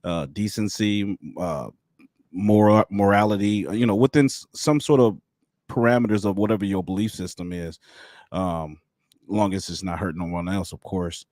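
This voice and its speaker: A man's voice: lowish voice, moderate pace, a little mellow, dry recording, studio quality. A man hosting a live stream, musing aloud in a casual, rambling way with frequent restarts. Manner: thoughtful, rambling, with many restarts.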